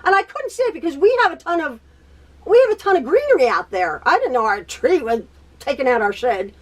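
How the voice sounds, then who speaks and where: A woman's voice: high voice, sing-song, brisk, faint music behind. A woman hosting a quilting video from her home sewing room, chatting in a rambling way, often laughing, repeating herself and stuttering. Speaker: quilting tutorial host. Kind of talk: chatty personal catch-up.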